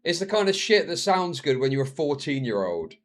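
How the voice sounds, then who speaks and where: A man's voice: big pitch swings, brisk. A man streaming live, reacting to a video with profane, mocking commentary. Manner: profane, mocking, slips into shrill mimicking voices.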